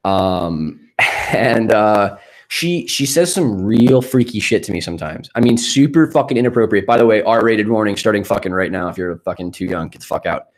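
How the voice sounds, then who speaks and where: A man's voice: fairly low pitch, lively intonation, moderate pace, rough recording. A man co-hosting a podcast, telling a story in a laid-back, casual way and swearing freely. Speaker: podcast co-host. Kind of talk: casual chat.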